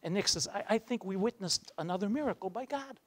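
A man giving a motivational speech, telling a story and acting out its voices, dropping low for the dramatic moments. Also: expressive, fast talker. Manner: acts out the voices in his stories, drops low for dramatic moments. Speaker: guest speaker. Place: university lecture hall.

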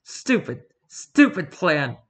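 A man reading the part of a defiant, grieving young woman in a spoken story, with sharp, tearful lines. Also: low voice, big pitch swings, slow pace, full character voice. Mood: sobbing.

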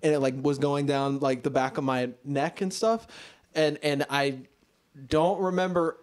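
A young man co-hosting a podcast, telling a story in a lively, laughing way and acting out what people said. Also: a little high, measured pace. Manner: animated, laughing storyteller who acts out quotes. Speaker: podcast co-host. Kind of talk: casual storytelling chat.

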